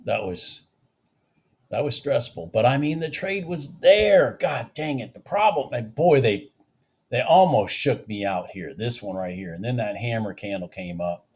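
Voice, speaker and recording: A man trading futures live at his desk, excitable, repeating himself and cheering the market on, out of breath. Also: medium pitch, a little slow, breathy edge. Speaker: futures trader vlogging his trades. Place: home office.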